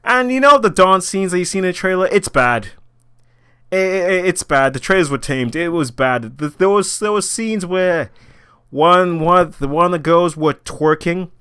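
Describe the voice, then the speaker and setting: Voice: mid-range voice, expressive, normal speed, bright, forceful tone, clear, resonant tone. A vlogger giving a casual spoken rant about a film they just watched, exasperated, swearing often and laughing in disbelief. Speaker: movie reaction vlogger.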